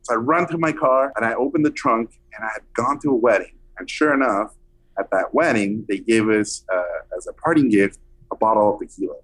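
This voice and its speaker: Animated man telling a story. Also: on the low side, fairly quick. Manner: animated, acts out quoted voices. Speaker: film director guest. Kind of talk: anecdotal storytelling.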